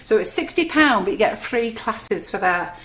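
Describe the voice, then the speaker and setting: A woman with a mid-range, lively voice keeps a moderate pace while hosting a live cake decorating session in a kitchen studio. Talkative, giggly and self-deprecating, she's captured in an echoey room with faint noise.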